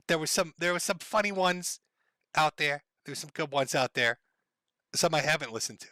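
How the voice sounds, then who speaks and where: A man's voice: fairly high pitch, bright, forceful tone, no room sound. A man with a Minnesota accent hosting a livestream, chatting casually to his viewers in a rambling, profane way, often chuckling. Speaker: livestream host.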